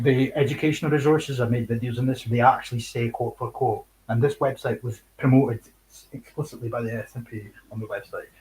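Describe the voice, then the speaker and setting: A man's voice: medium pitch, a little mellow, poor audio. Sweary scornful Scottish man. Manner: sweary, scornful, laughs between points. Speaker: livestream host. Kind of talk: casual chat.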